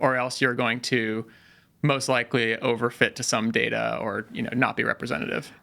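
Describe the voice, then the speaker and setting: A man with a gravelly, bright voice talks through technical ideas in a relaxed interview. He explains carefully, working through examples and pausing on fillers as he goes. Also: medium pitch. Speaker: head of product, podcast guest. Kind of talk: conversational tech interview.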